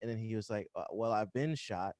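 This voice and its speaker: A man's voice: on the low side, brisk, darkish tone, no room sound. Young man telling stories, dry close sound. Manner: rambling storyteller, lots of fillers and laughter. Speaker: band member, vaccination clinic worker. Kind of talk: casual chat.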